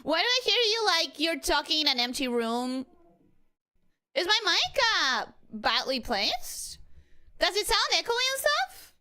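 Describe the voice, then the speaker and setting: Bright, high woman streamer, animated and excitable, casual and swears freely. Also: unhurried. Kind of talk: casual game livestream commentary.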